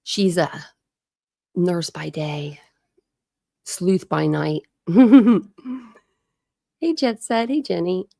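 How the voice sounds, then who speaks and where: Woman livestream host, chatty and upbeat, lowish voice, close and dry. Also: very slow, gravelly, long pauses, warm tone, no echo. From Ohio, USA. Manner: chatty, greets viewers by name, laughs often. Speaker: true crime livestream host. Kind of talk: casual live-stream chat.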